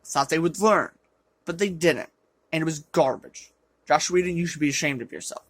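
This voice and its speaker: An exasperated film reviewer rants through a review with biting sarcasm and sudden loud outbursts. The voice is rough and sits at a middle pitch. The sound is dry and close. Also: moderate pace, dry recording. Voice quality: self-described rough voice. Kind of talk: ranting movie review. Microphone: low-quality camera.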